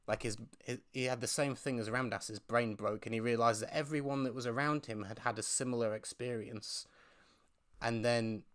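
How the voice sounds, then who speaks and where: A man's voice: mid-range voice, a bit bright. A man hosting a live question-and-answer stream, telling stories in a casual, rambling way with frequent restarts. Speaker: host.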